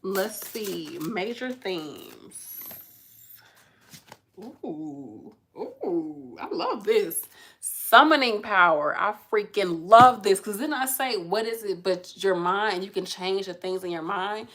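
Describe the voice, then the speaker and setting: A woman's voice: mid-range voice, unhurried, a bit bright. A woman hosting a casual pick-a-card tarot reading, talking in a chatty, effusive, slangy way to her viewers.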